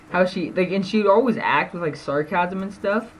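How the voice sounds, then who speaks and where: This vlogger, a teenage boy with a high-pitched voice and moderate pace, rambles about school to camera, filling gaps with fillers and laughter. The recording is low quality, carrying a little hiss or hum.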